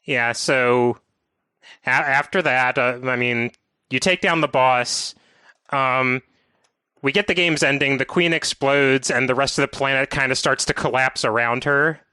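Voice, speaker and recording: Bright, clear-voiced man hosting a podcast. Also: medium pitch, fairly even intonation, measured pace, no echo. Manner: detailed, methodical game walkthrough talk. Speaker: podcast host. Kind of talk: casual podcast chat.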